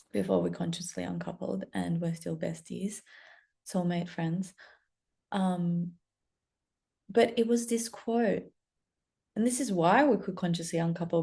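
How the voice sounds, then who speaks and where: A young woman speaking as a spiritual coach in a soft, earnest monologue with playful asides. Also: on the low side, gravelly. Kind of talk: casual monologue to camera.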